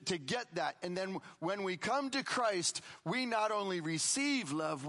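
Man, middle-aged, pastor's sermon, fairly high voice, loud emphasis then quiet asides. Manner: conversational preaching, shifts between loud emphasis and quiet asides.

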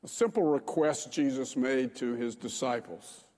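A man's voice: medium pitch, unhurried, mellow, in a large hall. A man preaching a sermon as pastor, talking in a conversational way with frequent fillers.

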